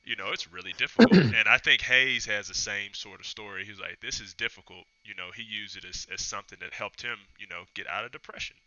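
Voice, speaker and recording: Bright-voiced man telling stories. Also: on the low side, brisk, few pauses. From Tennessee, US. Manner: reflective, storytelling, acts out quoted dialogue. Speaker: podcast guest. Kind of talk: casual interview chat. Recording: dull lo-fi sound.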